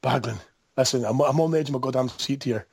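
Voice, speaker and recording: A man's voice: mid-range voice, quick pace, a little mellow, husky, no echo. A man with a Scottish accent calling into a podcast from a mobile phone, teasing, mock-outraged and laughing often. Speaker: caller. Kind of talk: comedic call-in banter.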